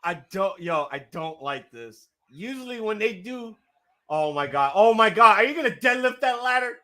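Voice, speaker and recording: A man hosting a live wrestling watch-along, reacting with excitable, profanity-laced outbursts while his voice gets strained. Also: sits high, moderate pace. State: voice getting strained.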